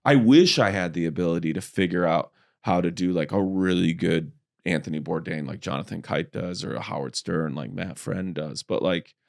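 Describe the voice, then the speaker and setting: A man, a comedian guest, in casual chat, telling animated stories and slipping into voices. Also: low voice, normal speed, gravelly, hardly any pauses. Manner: animated storyteller, slips easily into voices.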